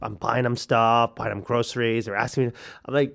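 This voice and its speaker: Animated man telling his own story. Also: mid-range voice, vocal fry. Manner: animated, halting, many restarts. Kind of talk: personal storytelling.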